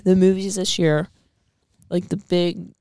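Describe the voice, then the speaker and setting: A woman's voice: on the low side, level tone, slow, dark tone, dry recording. A woman co-hosting a podcast, talking in a casual, sarcastic and argumentative way, with some swearing. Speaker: podcast co-host. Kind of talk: casual chat.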